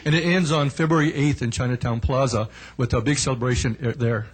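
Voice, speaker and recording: A man representing his organization, giving a quick, rushed speech at a council meeting. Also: mid-range voice, steady tone, husky, rough recording. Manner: fast, rushed delivery.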